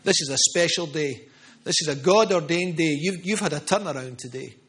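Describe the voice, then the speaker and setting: A man's voice: fairly high pitch, fairly quick, a bit bright. A middle-aged man preaching a charismatic sermon with prophetic words, fervent and emphatic, repeating phrases for stress. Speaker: pastor.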